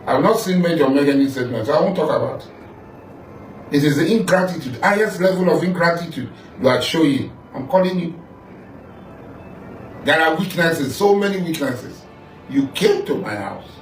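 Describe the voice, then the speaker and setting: With faint music behind him and a bit of hiss or hum, a middle-aged Nigerian political figure of medium pitch makes a confrontational statement. He sounds distant in an echoey room, hurling repeated accusations directly at the listener.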